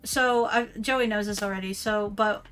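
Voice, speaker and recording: A woman's voice: mid-range voice, steady tone, moderate pace, a bit bright, clean tone. An American woman chatting casually as a guest, giggling often and using lots of fillers. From United States. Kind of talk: casual chat.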